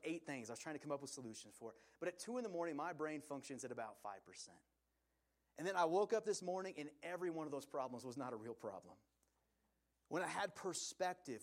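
A man preaching an earnest sermon, reading scripture aloud and driving his points home with emphasis. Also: fairly high pitch. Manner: earnest, emphatic preaching with rising and falling intensity. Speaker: pastor.

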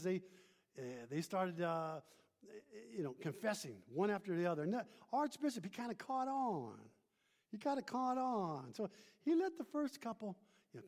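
High-voiced preacher in an echoing hall. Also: male voice. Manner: call-and-response, rising emphatic then hushed. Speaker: pastor. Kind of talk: sermon.

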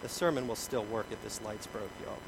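A middle-aged man preaching a sermon, telling stories about himself in an animated way, with big swings in loudness. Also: on the low side, a little fast, noisy background. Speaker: pastor.

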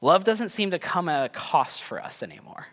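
A pastor in his thirties preaches casually and conversationally, sharing self-deprecating stories about his family. His high voice is very animated and a bit bright at a moderate pace, with long hall reverb on the recording.

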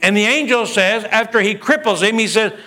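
High, bright preacher man. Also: fairly quick. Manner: storytelling preacher who acts out the dialogue with a lot of pitch swings. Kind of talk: sermon. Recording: faint music behind.

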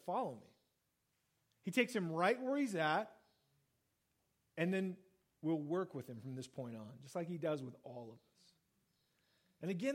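A man with a high, light voice delivers a sermon in an easy, chatty manner. He reads a passage and then talks it through, slipping into little voices for quoted lines. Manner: conversational, acts out quoted lines with lively pitch jumps. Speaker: pastor. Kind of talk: sermon, Bible reading and teaching.

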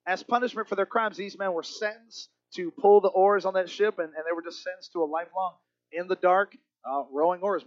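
Brief: high-pitched male preacher, earnest, hushed emphasis, lo-fi recording. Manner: earnest, often drops to a low hush for emphasis. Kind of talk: sermon.

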